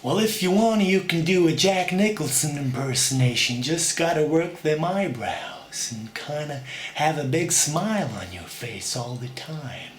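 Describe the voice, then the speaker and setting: A young man talking casually to camera about doing impressions, relaxed and unhurried with fillers. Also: a little high. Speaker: aspiring actor showing impressions. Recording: echoey room, faint background hum.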